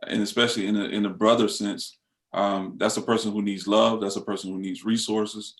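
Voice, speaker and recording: A man on a discussion panel, speaking thoughtfully and haltingly, with many fillers and restarts. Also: lowish voice, little pitch movement.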